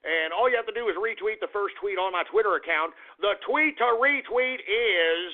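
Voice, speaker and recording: A man hosting a radio talk show, ranting abrasively with profane shouted insults at listeners. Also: high voice, normal speed, hardly any pauses. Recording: phone-like lo-fi radio sound.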